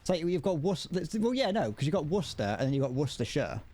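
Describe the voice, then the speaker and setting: A man's voice: a little high, very animated, fast, a little mellow, slight background noise. A British man streaming a video game, chatting casually and rambling with jokes. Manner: joking and rambling. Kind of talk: casual live-stream chat.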